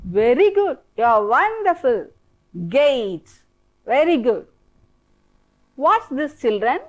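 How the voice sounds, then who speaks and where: Slow, lilting woman teacher with an Indian accent. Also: high voice, big pitch swings, low-quality recording. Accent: Indian English. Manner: slow, repetitive, coaxing drill-style prompting. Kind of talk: televised classroom English lesson.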